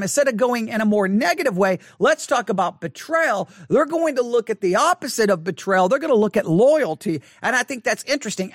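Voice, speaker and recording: High-voiced earnest male Bible study teacher. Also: a bit bright, dry recording, studio quality. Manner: repetitive, earnest, restarts and emphatic slow repeats.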